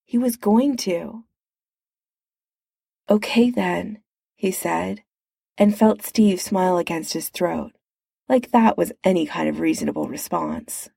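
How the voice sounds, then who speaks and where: A woman narrating a fan-fiction story aloud in a slow, even storytelling manner. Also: lowish voice, vocal fry, husky, no room sound, clean studio sound.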